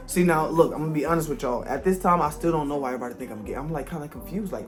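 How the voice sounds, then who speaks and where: A man's voice: fairly high pitch, racing, hardly any pauses, over music. Slangy young man telling a storytime tale. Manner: animated, casual slangy storytelling. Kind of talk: storytime vlog.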